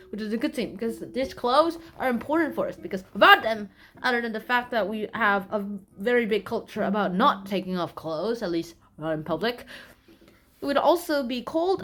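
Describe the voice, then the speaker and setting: Rambling high-voiced young woman. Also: a bit bright. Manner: loose, rambling, with many restarts and playful asides. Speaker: channel host summarizing a science magazine. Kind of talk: casual rambling summary.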